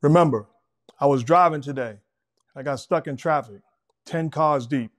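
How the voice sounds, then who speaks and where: A middle-aged man hosts a sports talk show, his voice pitched a little higher than most men's. He lays out his basketball analysis in a measured, emphatic way. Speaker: host.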